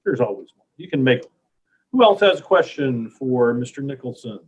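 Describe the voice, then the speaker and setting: A man's voice: medium pitch, animated, moderate pace. A man hosting an online question-and-answer session, friendly and informal, taking questions over a video call. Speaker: moderator and host. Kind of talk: casual chat hosting an online Q&A.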